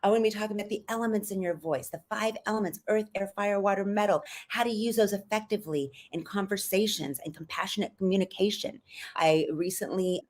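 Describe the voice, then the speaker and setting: A middle-aged woman voice coach teaching on a podcast, calm and earnest, explaining breathing step by step. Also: medium pitch, fairly quick.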